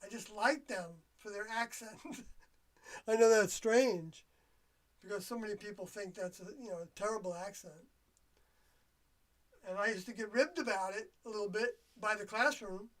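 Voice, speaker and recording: An older livestream host speaks in a rambling, reflective solo monologue. The speech is halting, with trailing phrases and pauses while searching for words. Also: mid-range voice, fairly bright tone. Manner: reflective and confiding. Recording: voice a bit distant from the mic.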